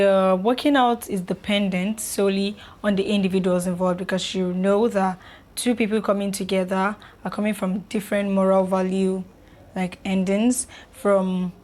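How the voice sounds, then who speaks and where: A woman's voice: medium pitch, a little mellow. A young woman, chatting casually to camera about relationships, loose and filler-heavy. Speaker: vlogger.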